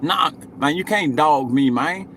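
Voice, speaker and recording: This late-forties man talks loosely to his stream audience, swearing as he rambles and tacking "you know what I'm saying" onto most thoughts. He sounds a little high, a bit bright, and somewhat slow. Slight noise sits in the background.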